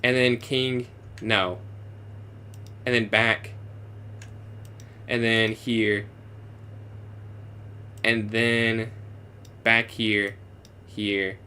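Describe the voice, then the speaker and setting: Giovane uomo luminoso che commenta scacchi in diretta. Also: male voice, fairly low pitch, level tone, bright, forceful tone, clean tone. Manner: thinks aloud, answers chat questions, switches into halting beginner French. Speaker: chess streamer solving puzzles with chat. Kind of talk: casual live-stream commentary.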